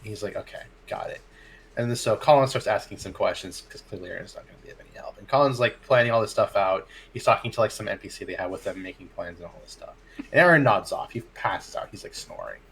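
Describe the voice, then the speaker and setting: A man's voice: on the low side, quick pace, gravelly, a bit bright, a little hiss or hum. A man, a dungeon master, telling a tabletop game story in casual chat, acting out his players' lines and laughing often.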